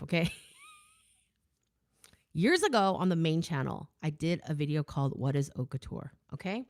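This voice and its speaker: A woman's voice: on the low side, a little mellow. An American woman hosting her own show, reading viewer comments aloud and answering them in a casual, emphatic chat full of rhetorical asides. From United States.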